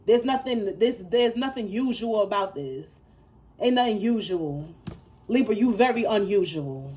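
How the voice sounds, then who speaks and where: A woman's voice: medium pitch, a little mellow, a little hiss or hum. A woman giving a casual tarot reading, blunt and profane, repeating her points emphatically and laughing between lines. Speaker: tarot reader.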